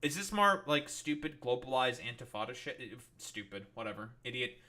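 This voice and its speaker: A man's voice: medium pitch, sing-song, normal speed, sharp tone. A young man doing live-stream commentary, ranting in an exasperated, profane way with mocking, sarcastic asides.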